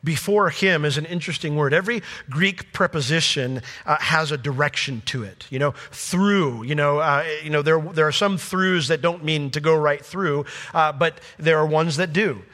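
A man preaching a sermon with passion, his voice swinging from loud peaks to hushed, quiet lines. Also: a little high, normal speed, hardly any pauses. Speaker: pastor. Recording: long hall reverb.

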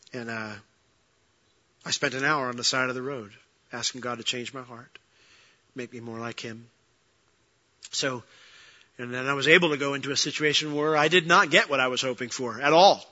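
Male pastor, sermon storytelling, piercing bright tone, emphatic and humorous, muffled lo-fi recording. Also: medium pitch. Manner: animated preaching, building to loud passionate peaks. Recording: dull lo-fi sound.

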